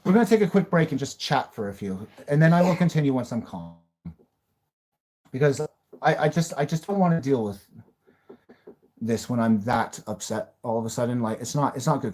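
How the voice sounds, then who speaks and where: A man's voice: mid-range voice, a little mellow. Blunt man hosting a livestream. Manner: blunt, rants and raves, swears. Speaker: livestream host. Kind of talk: live-stream reaction chat.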